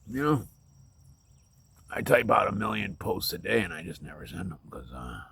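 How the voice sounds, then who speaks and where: A middle-aged man rambling candidly about his life in a personal vlog, halting and full of fillers and restarts, getting emotional so his voice keeps sinking to a near whisper. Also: low voice, very animated, gravelly, a bit bright, husky, no echo.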